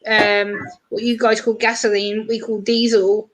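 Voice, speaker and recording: A woman's voice: mid-range voice, level tone, poor audio. A British woman chatting casually on a livestream, acting out short exchanges with her viewers. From Britain. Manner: chatty, acts out what others said in quick bright voices. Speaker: livestream host.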